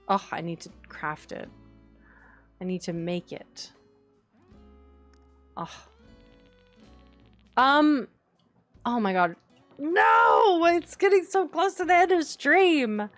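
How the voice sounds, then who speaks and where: A young woman streaming a cozy life-sim game, chatting casually with viewers, giggling often and breaking into excited squeals. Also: mid-range voice. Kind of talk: casual live-stream chat over gameplay.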